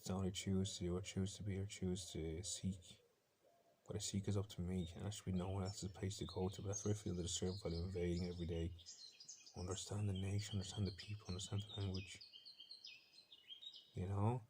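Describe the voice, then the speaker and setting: A man's voice: low-pitched, little pitch movement, brisk, background noise. A man with an Irish accent delivering an intense, defiant, rambling personal monologue, with faint bird sounds from a laptop behind him.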